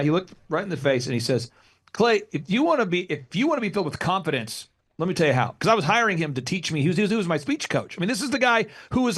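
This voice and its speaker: Man, 40s, podcast guest, lively storyteller, somewhat high-pitched. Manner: energetic storyteller who acts out quotes. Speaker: business consultant, guest. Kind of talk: podcast interview.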